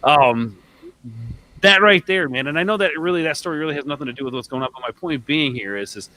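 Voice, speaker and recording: A man's voice: fairly high pitch, expressive, fast talker, pushed and bright, slight background noise, poor audio. A man in his thirties co-hosting a casual podcast, rambling along with lots of fillers and calling people man and bro. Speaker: podcast co-host.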